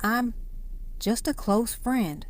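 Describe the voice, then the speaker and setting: A woman's voice: fairly high pitch, expressive, a little mellow. Nervous, grieving young man, stop-start delivery, woman narrator voicing him. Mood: raw. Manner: halting, raw, speaks in dialect. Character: anxious, heartbroken young man, boyfriend.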